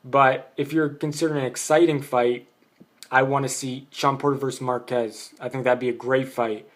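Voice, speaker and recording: A man's voice: mid-range voice, fairly even intonation, normal speed. A man giving a casual, blunt boxing opinion monologue, rambling with many fillers. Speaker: boxing vlogger.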